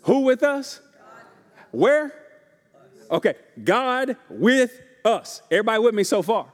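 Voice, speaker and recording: A man's voice: very high-pitched, big pitch swings, measured pace. A man preaching a sermon to his congregation, with casual, folksy call-and-response delivery that keeps asking the room if they are ready. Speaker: pastor. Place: church sanctuary. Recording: long reverb of a large church hall.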